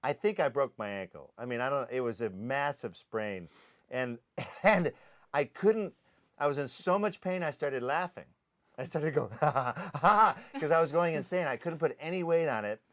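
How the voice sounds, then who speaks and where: A man, an actor, recalling a film shoot in animated anecdotes, acting out the sounds and voices of the people he describes. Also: mid-range voice, normal speed. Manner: lively storyteller who acts out sounds and voices.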